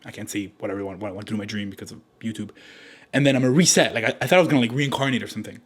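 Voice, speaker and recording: Twenty-something guy with a husky voice, ranting and cursing, goes from mumbly to yelling. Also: on the low side, very fast. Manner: frustrated, swearing, swings between mumbling and yelling. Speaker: vlogger. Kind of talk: ranting vlog monologue.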